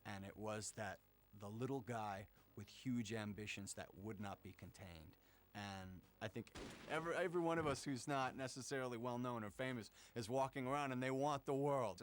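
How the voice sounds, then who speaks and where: A man, a voice actor, reflecting thoughtfully in an interview about playing a role and growing animated when he demonstrates it. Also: medium pitch, fairly quick.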